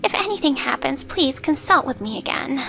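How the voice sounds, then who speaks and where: A woman's voice: high-pitched, expressive, moderate pace, vocal fry, sharp tone, voice pushed up, full character voice. A woman voicing a blunt middle-aged friend. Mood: kind. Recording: faint music underneath.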